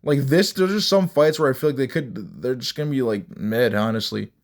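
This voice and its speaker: A man's voice: medium pitch, brisk. Young man ranting about fights. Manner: blunt, rambling, mocking, with frequent restarts. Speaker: MMA commentary vlogger. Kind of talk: casual ranting commentary.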